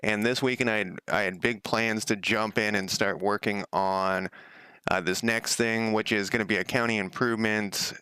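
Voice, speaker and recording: A man streams himself working on a game at home, offering casual live-coding commentary. His lowish voice is steady, bright, forceful, clear and resonant, recorded cleanly in studio quality with no room sound. He thinks aloud, rambles, and frequently corrects himself.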